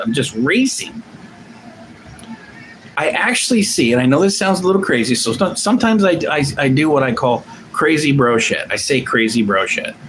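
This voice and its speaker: Casting: man of middle pitch, solo livestream host, rambling and profane, with faint noise behind. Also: fairly bright tone, low-quality recording. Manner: reads out and answers viewer comments. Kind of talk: casual political commentary monologue.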